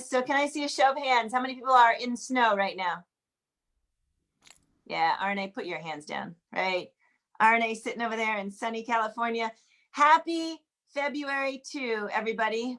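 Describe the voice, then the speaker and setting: A woman with a notably high voice hosts a live sing-along over a video call. She chats warmly and casually, greeting one viewer after another by name. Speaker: host of an online sing-along. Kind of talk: casual welcoming chat. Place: home, in Washington DC.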